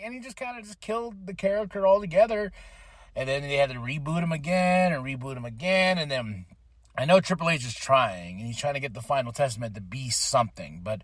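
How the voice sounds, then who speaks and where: A man's voice: fairly high pitch, a bit bright, no echo, studio quality. A man hosting a podcast, casually recapping a wrestling show with opinions and acted-out quotes. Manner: chatty, opinionated, acts out quotes. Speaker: podcast host.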